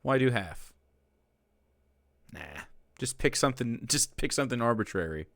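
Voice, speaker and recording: A man's voice: medium pitch, lively intonation, moderate pace, a bit bright, no room sound. A man streaming, reacting to a cooking video in casual, profane commentary that keeps tipping into exasperated ranting.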